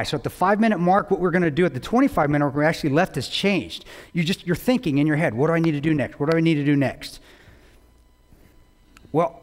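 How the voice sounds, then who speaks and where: Blunt self-mocking man in an echoing hall. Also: mid-range voice. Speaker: guest speaker. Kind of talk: storytelling lecture. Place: large lecture hall. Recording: long hall reverb.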